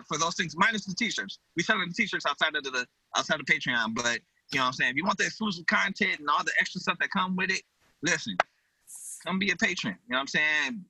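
Slangy podcast guy, talks quick, husky bright voice, dry sound. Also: high-pitched, dry recording, poor audio. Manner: laid-back slangy talk, hypes listeners. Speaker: podcast co-host. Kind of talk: casual podcast chat. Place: home, lawn mower outside.

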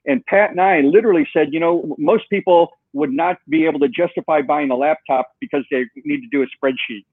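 A man tells a long story in an interview, acting out the voices of the people he quotes. His voice sits a little high. The sound is thin and tinny, as over a phone line, with no room echo. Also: fairly quick, slightly rough. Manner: animated storyteller, acts out quoted dialogue. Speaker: guest, software co-founder.

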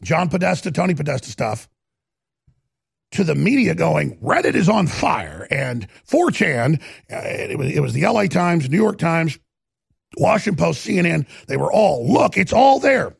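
Ranting male talk host, heavy gravel and rasp in a fairly high voice, stuttering emphasis. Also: expressive, moderate pace, no echo, clean studio sound. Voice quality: gravelly, raspy. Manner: ranting, emphatic, stammers and repeats words. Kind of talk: impassioned monologue.

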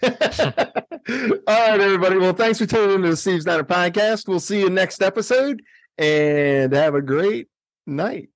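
A man's voice: sits high, lively intonation, a little slow, no echo, clean studio sound. A man hosting a casual podcast, running a quiz game in a laid-back, joking way.

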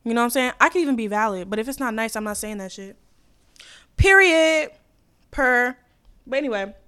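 Young female podcast host, slightly high voice, blunt and sassy, swearing freely, swinging between loud bursts and low asides. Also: a little fast, clean tone. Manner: blunt, profane, sassy ranting; animated, swings loud and quiet. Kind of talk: casual chat.

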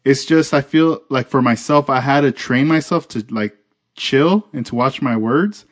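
A man's voice: mid-range voice, normal speed. A man hosting a podcast, chatting in an easygoing way and thinking aloud with likes and restarts. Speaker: podcast host. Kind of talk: casual chat.

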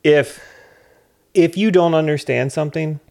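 A man's voice: fairly high pitch, a little slow, gravelly, darkish tone. A man co-hosting a comedy podcast, chatting casually and making dry, sarcastic jokes. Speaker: podcast co-host. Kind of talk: casual chat.

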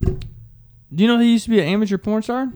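A young man co-hosting a podcast, joking and swearing loudly and jumping high in pitch as he tells stories. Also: fairly quick, clean tone. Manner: loud, profane and joking, swings pitch up high when telling stories. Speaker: podcast co-host. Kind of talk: casual chat.

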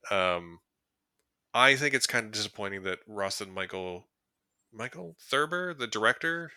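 A man's voice: on the low side, lively intonation, moderate pace, pushed and bright, clean tone, no room sound, clean studio sound. A man co-hosting a movie podcast, talking casually and rambling with lots of fillers and chuckles. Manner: laid-back, rambling, frequent fillers and chuckles. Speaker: podcast co-host. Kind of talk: casual movie review chat.

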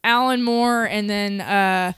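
Young woman podcast cohost, bright tinny voice, dry close mic, rambly and sweary. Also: mid-range voice, steady tone, slow, clear, resonant tone, dry recording. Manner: rambling, sweary, self-deprecating. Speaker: podcast co-host. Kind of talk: casual podcast banter.

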